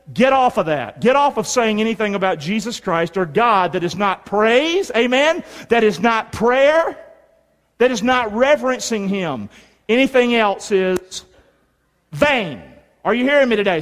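Pastor, middle-aged man, high lively voice, big call-and-response sermon, long hall reverb. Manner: animated call-and-response preaching with hand signs. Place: church sanctuary.

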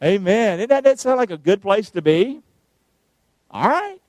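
A male preacher, giving a sermon, calling on the congregation to answer and shouting verses out. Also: sits high, big pitch swings, measured pace, dry recording. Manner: calls for responses, shouts the verses out.

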